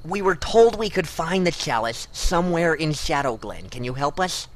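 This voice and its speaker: A man's voice: fairly high pitch, very animated, moderate pace. A man playing an adventurer in a comedy fantasy radio drama, talking in an impatient, exasperated way.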